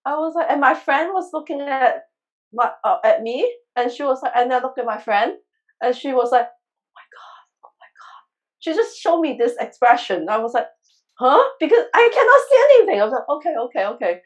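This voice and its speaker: A crystal healer appears as a guest in a conversational interview, telling a personal story in a high, very animated voice at a brisk pace. The recording is muffled. She's earnest and emotional and often restarts her sentences.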